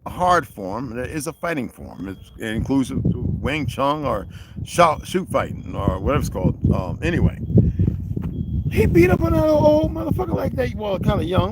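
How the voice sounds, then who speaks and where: A man's voice: fairly high pitch, normal speed. A man livestreaming outdoors, rambling casually to his chat, swearing a lot and laughing often. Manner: profane, animated, laughs often. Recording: loud outdoor background noise.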